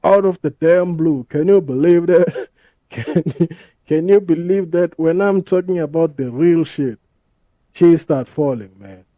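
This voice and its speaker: A man's voice: fairly high pitch, a little slow, no echo, dull audio. A man hosting a podcast, talking casually in a rambling, profane way full of street slang. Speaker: podcast host. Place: podcast studio.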